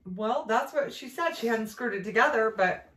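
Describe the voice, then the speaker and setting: A woman's voice: on the high side, lively intonation, moderate pace, a bit bright, reverberant, distant mic. A woman co-hosting a casual chat podcast, teasing her friend and laughing often. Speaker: podcast co-host.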